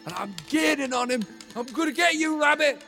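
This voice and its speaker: A man doing a very high, dim-witted crewmate. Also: fairly bright tone, soft background music. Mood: dazed. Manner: slow, bewildered and simple. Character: dim, childlike male crewmate. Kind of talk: improvised comedy voice acting.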